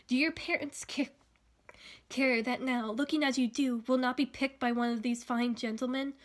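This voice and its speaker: Cruel sarcastic king, woman reading him, slow sneering taunts, voice sits a little high. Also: steady tone, close to an everyday voice. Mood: taunting.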